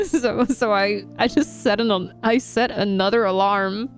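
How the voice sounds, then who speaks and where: A woman's voice: medium pitch, steady tone, moderate pace, soft background music. A young woman live streamer chatting casually with her audience, laughing often and reacting to chat.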